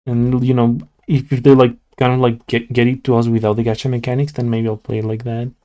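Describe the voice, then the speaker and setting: Mellow-voiced sleepy young man rambling. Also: medium pitch, level tone, a little fast. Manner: rambling, many "like" fillers and restarts. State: sleepy, yawning. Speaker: streamer. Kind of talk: casual chat with live chat while drawing.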